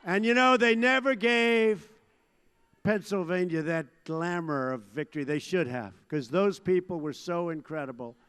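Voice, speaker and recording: A man's voice: on the high side, a bit bright. Older man giving an emphatic rally speech, echoing hall. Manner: emphatic, repetitive, boastful crowd oratory. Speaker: political candidate addressing a rally. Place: large rally venue. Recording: long hall reverb from a big venue.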